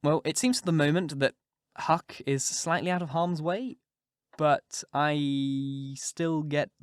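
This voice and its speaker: A man's voice: mid-range voice, clear, resonant tone, no room sound, clean studio sound. Man reading an audiobook aloud. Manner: folksy first-person storytelling. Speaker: audiobook narrator.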